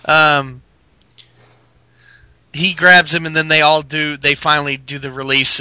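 Bright-voiced man recapping wrestling. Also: mid-range voice, clear, resonant tone, no room sound. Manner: rambling, laughing, swearing, acts out wrestlers' lines. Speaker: podcast co-host. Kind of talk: casual wrestling recap chat.

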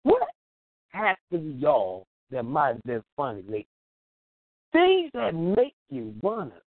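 Man, radio host, casual comedic monologue, laughing a lot, lively swooping pitch, tinny phone-line sound, dry. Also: unhurried, dry recording. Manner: laughs often, acts out scenes in quoted voices.

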